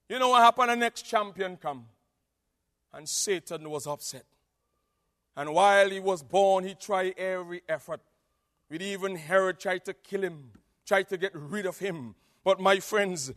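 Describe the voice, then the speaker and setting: High-voiced Caribbean preacher in a hall. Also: male voice, unhurried, long pauses. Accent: Nevisian Caribbean English. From Nevis. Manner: impassioned, swings from hushed to shouting. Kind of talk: evangelistic sermon. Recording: long reverb of a large hall.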